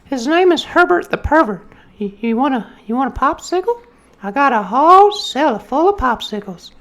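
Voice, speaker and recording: A squeaky, trembling old cartoon pervert who wheedles and coaxes. the thin, shaky voice, pitched far above his own. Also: big pitch swings, normal speed, fairly bright tone, exaggerated voice. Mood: wheedling.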